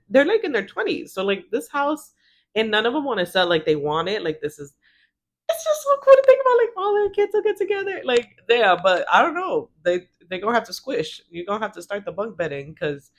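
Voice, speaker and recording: Woman, 30s, TV-recap vlogger; casual, gossipy, swears, quotes characters. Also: on the low side. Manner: chatty, swears, acts out characters' lines.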